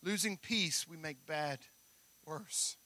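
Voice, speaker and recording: A man's voice: fairly high pitch, slow pace, bright, forceful tone, no echo. A male pastor preaching a sermon, emphatic and full of repeated phrases.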